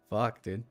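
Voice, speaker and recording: Profane young man ranting on livestream. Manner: animated, profane, ranting at chat. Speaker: trading livestream host. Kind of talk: casual livestream commentary.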